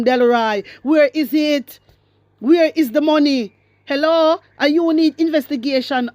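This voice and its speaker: A woman's voice: sits high, darkish tone, dry recording. A woman with a Jamaican accent giving emphatic, repetitive political commentary to her viewers, mixing in patois. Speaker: commentary vlogger.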